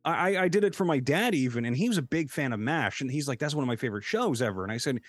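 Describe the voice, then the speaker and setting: A man's voice: medium pitch, fast, dry recording, studio quality, faint music behind. A man chatting casually as a streamer, telling stories with lots of swearing and laughter. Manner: animated storyteller, jumps into quoted voices; swears freely, laughs often. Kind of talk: casual chat.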